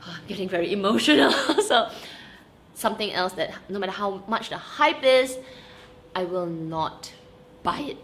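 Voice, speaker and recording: A woman's voice: mid-range voice, moderate pace. A young woman, chatting animatedly to camera in a vlog, stressing points with "okay?". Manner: animated, emphatic, frequent laughs and "okay?". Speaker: vlogger. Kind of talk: casual chat to camera.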